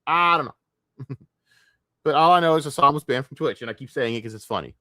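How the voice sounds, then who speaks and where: A man's voice: medium pitch, fast, a bit bright, no echo, clean studio sound. A man streaming alone, rambling in casual talk with a lot of swearing, trailing off and laughing to himself. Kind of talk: casual solo livestream rant.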